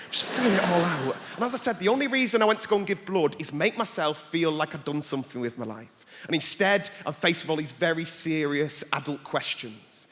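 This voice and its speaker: A young man doing stand-up comedy, telling an animated story and jumping into different voices. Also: fairly high pitch, slight background noise. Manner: animated, jumps between voices in his story. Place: large theatre stage. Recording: live theatre with long reverb. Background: audience laughter.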